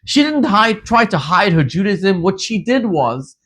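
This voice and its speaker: A man from Zimbabwe, a rabbi, giving a sermon in an animated, emphatic storytelling manner. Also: high-pitched, measured pace.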